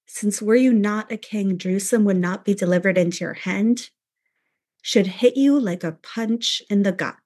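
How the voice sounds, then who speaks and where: A woman's voice: mid-range voice, darkish tone. A woman teaching a text study, reading quoted lines aloud and then explaining them with frequent "right?" asides.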